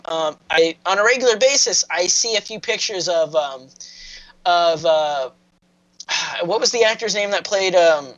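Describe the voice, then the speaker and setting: A man's voice: a little high, fairly bright tone, rough recording. A man co-hosting a casual review podcast, rambling through plot recaps with lots of fillers. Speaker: podcast co-host.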